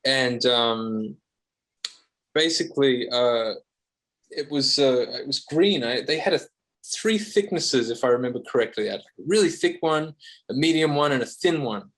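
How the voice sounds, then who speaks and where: A man's voice: medium pitch, moderate pace, a bit bright. Easygoing Australian man, rambling. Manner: rambling, self-deprecating, frequent fillers and restarts. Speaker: guest guitarist. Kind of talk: casual podcast interview.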